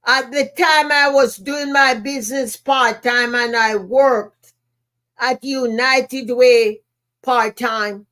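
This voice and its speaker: A woman's voice: high voice, pushed and bright. A woman with a Jamaican accent, a podcast host and motivational speaker telling a personal story in an emphatic way, repeating key phrases.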